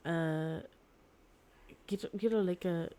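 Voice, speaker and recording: A young woman streaming from home, casually retelling a story in a rambling, excitable way, with lots of "like" and restarts. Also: lowish voice, slow pace, smooth. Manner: giggly, excitable.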